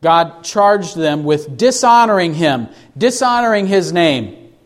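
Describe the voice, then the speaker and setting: A man preaching an expository sermon, reading scripture slowly for emphasis and asking the congregation rhetorical questions. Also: a little high, expressive. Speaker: pastor.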